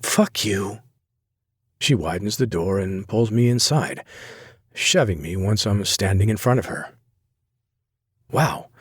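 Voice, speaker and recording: Husky male audiobook narrator. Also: fairly low pitch, no room sound, studio quality. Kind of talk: first-person romance audiobook narration.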